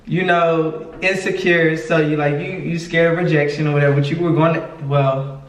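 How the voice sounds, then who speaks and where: At a moderate pace, a man with a slightly high voice tells a lively story while co-hosting a podcast. He imitates the other people's lines and laughs often, and the sound comes from a distance in an echoey room.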